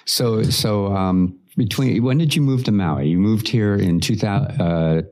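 Low-voiced male podcast host. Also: unhurried, darkish tone. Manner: friendly, short prompts and follow-up questions. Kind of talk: interview chat.

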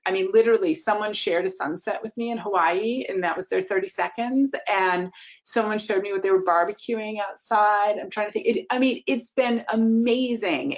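A woman casting director answering interview questions in an animated, emphatic way, with quick asides. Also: medium pitch. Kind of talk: casual interview talk.

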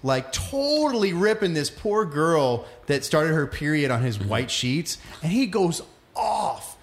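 A male podcast co-host who jokes around in relaxed chat. His pitch sits a bit high and jumps around a lot. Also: slow pace. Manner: playful, joking, swears. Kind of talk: casual chat.

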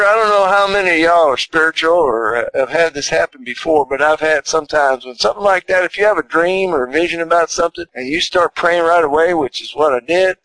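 A man's voice: sits high, fairly bright tone, no room sound, rough recording. An older man telling a personal story in a folksy, rambling, heartfelt way. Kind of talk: casual storytelling.

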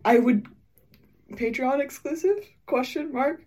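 A woman's voice: sits high, a little slow, darkish tone, husky. A woman, a voice actor, telling a funny recording story in a casual, teasing way. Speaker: voice actor in cast Q&A. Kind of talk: casual chat.

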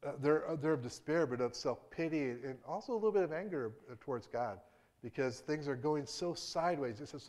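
A man preaching a sermon in a conversational way, with restarts and acted-out quotes, moving between hushed and emphatic. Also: fairly high pitch, animated, brisk.

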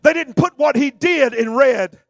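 A man preaching a sermon, swinging from low conversational talk to shouted, sung preaching. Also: measured pace, vocal fry, no room sound, muffled recording, faint music behind.

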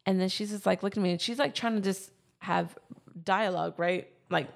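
A woman's voice: medium pitch, brisk, vocal fry. A woman in her twenties telling a personal story in casual chat, with lots of fillers.

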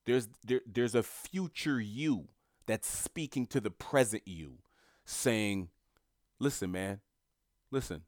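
A man's voice: medium pitch, expressive, slow, no room sound, clean studio sound. A man delivering a motivational monologue, emphatic and repetitive, in a coaching tone. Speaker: motivational speaker.

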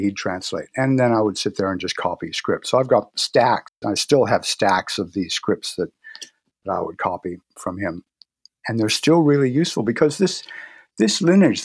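A man speaking as an interview guest, telling stories in a relaxed way with frequent restarts and pauses. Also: fairly low pitch, no room sound, clean studio sound. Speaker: guest, herbal medicine practitioner. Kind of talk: casual interview talk.

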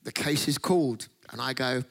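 A man's voice: mid-range voice, moderate pace, gravelly. A middle-aged man preaching a sermon, telling stories with laughter and acting out the voices of the people in them. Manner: animated, laughs often, acts out voices in stories. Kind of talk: sermon with comic storytelling.

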